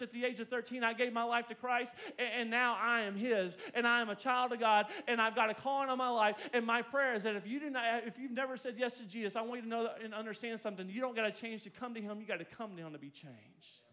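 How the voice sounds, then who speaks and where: Male preacher, high bright voice, lively storytelling sermon with call-and-response. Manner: energetic storytelling, calls for congregation response. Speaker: pastor.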